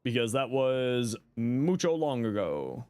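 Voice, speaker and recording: Young man, game streamer, casual jokey chat, animated delivery on a desk mic. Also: medium pitch, takes it slowly, clean tone, no echo. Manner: chatty, reads chat aloud, jokey. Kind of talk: casual live game commentary.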